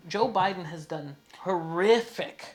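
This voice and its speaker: Speaking a little slowly in a high-pitched voice, this male podcast co-host tells a story in a relaxed way, animatedly voicing each character he quotes.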